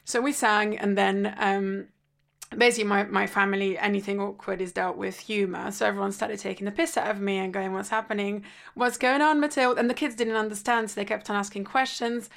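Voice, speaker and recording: Woman, mid-pitch, candid and animated storyteller with dry humour, casual podcast chat. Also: brisk, creaky. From Italy. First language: Italian. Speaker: podcast guest sharing a personal story.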